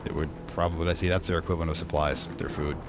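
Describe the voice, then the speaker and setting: Deep-voiced man casually playing a game. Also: level tone, quick pace, music in the background. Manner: casual, musing, thinking aloud. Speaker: let's play host. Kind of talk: game commentary and reading game text aloud.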